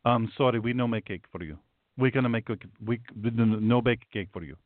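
A man voicing a gruff male bakery owner who talks in broken English and turns a customer away. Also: medium pitch, a little fast, no echo, pitched below the performer's own voice, natural voice. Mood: polite. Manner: broken English, curt refusals. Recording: tinny, dry phone-like sound.

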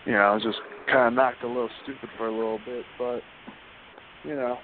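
A man's voice: mid-range voice, steady tone, brisk. A man being interviewed as a guest, telling stories in a loose, rambling way full of "you know" and "like". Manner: rambling, filler-heavy, constant "you know" and "like". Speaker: guest wrestler. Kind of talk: casual interview storytelling. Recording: phone line with faint hiss.

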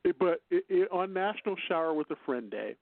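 A man's voice: sits high, lively intonation, a little fast, gravelly, dry recording. A man from Chicago with a Chicago accent, hosting a radio show in casual banter, rambling and laughing often. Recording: phone-line internet radio.

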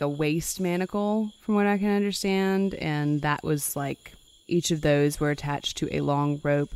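A woman hosting a conversational history podcast, reading passages aloud dramatically and adding wry asides. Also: low voice. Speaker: podcast host.

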